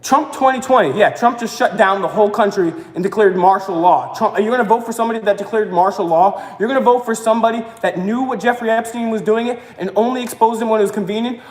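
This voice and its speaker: A woman co-hosting a live stream, delivering a fiery political rant with frequent shouting. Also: medium pitch. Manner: fiery, ranting, often shouting. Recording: echoey room with long reverb.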